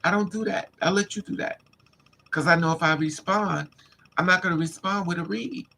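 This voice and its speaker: A man's voice: sits high, steady tone, normal speed, gravelly, pushed and bright. A man livestreaming, telling a candid personal story in an emphatic, casual way and calling his listeners honey and child. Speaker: livestream host.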